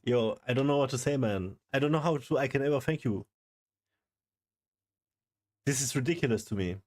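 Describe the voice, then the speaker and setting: A young man streaming live, overwhelmed and excited, talking in loose slang and swearing. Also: mid-range voice, normal speed. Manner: excited, stunned, swearing, calls everyone bro. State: overwhelmed, shaking. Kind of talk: live stream reaction chat.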